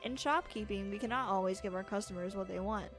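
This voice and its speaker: Woman reading as a gentle forest shopkeeper creature. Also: mid-range voice, fast, music in the background, natural voice. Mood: calm. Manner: calm, quaint broken grammar.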